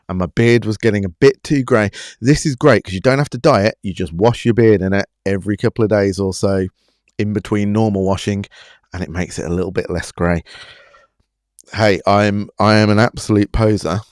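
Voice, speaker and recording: Male live-stream host, low voice, dry close sound, chatty and self-mocking. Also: darkish tone, dry recording. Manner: chatty, self-deprecating, reading out chat. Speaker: show host.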